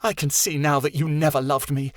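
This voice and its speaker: A woman's voice: sits low, little pitch movement, brisk, no room sound, clean studio sound, voice pushed up, close to an everyday voice. A man voicing a proud, betrayed witch queen in a fantasy audiobook, icy and hissing.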